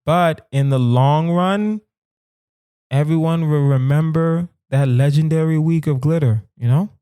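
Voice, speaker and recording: A young adult man hosting a podcast, riffing on a hypothetical in an animated, emphatic comedic monologue. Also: a little high, measured pace, smooth, no room sound, clean studio sound. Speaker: podcast host.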